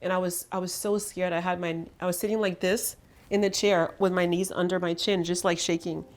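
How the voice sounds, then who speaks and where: A woman's voice: fairly low pitch, level tone, a little fast. A woman hosting an intimate conversation, telling her story in an earnest, emphatic way. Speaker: host.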